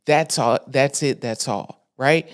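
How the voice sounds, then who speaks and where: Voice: medium pitch, takes it slowly. Candid podcast host speaking from the heart. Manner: candid, emotional, colloquial with many restarts. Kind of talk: casual heartfelt monologue. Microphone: studio microphone.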